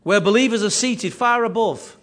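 A man preaching a sermon with emphatic, repetitive phrasing, his voice rising and falling in loudness. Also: high voice, normal speed. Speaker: pastor.

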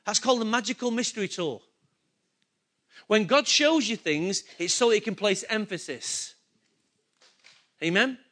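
A man's voice: high voice, lively intonation, a little slow, pauses often, sharp tone. A male pastor preaching a sermon, emphatic and full of rhetorical questions to his congregation.

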